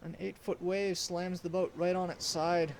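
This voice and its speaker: A young man telling a dramatic first-person sea story in a deliberate storytelling delivery. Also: sits high, flat delivery, very noisy. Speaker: student storyteller.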